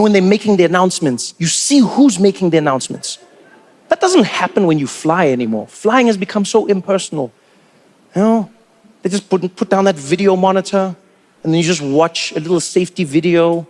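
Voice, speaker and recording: Animated male comedian. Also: high voice, normal speed. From South Africa. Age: 40s. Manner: animated storytelling with incredulous questions. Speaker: stand-up comedian. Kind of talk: stand-up comedy routine.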